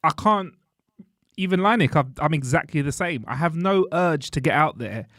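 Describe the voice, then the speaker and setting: A man co-hosting a casual podcast chat, lively and chatty, dropping British slang like mate and bruv. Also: fairly high pitch, moderate pace, dry recording, clean studio sound. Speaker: podcast co-host. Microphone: studio podcast mic.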